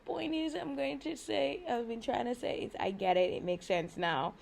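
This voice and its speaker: A woman's voice: a little high, big pitch swings, moderate pace, vocal fry, a little hiss or hum. A young woman vlogging in a rambling, emotional monologue, frustrated and swearing as she talks.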